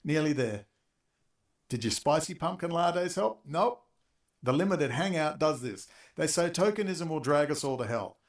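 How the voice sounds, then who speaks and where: A man ranting angrily on a talk show, profane and exasperated, talking in rapid bursts. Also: a little high, animated. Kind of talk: angry political rant.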